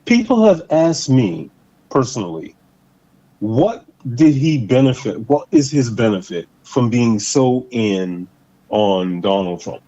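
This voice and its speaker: A man hosting a casual political chat show, talking in an animated way and stretching out words for emphasis. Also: medium pitch. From Boston area. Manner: animated, drawn-out emphatic delivery. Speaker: podcast host. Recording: slightly dull lo-fi sound.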